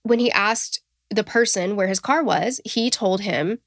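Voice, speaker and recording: A woman with a Southern US accent, co-hosting a true crime podcast in a relaxed, chatty way. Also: mid-range voice, measured pace, no echo, clean studio sound. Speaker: podcast co-host. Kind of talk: casual true crime storytelling.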